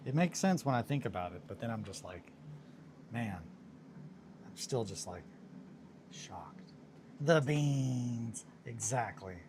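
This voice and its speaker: A man's voice: on the low side, lively intonation, measured pace, long pauses, background noise. A man chatting casually on a hobby stream in a rambling, self-amused way while he works on miniatures.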